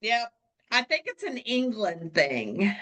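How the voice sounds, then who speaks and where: A woman's voice: mid-range voice, sing-song, slow pace, a bit bright. A woman co-hosting a podcast as a coach, talking bluntly and animatedly, laughing often. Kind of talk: casual podcast chat.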